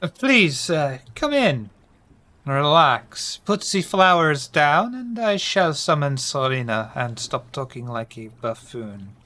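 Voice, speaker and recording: A man playing a cloaked doorman at a rainy old warehouse, speaking with a hammy, overdone French accent. His voice is bright and clear, and he pauses to hunt for words. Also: medium pitch, fairly even intonation. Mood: courteous. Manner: hammy mock-French, halting.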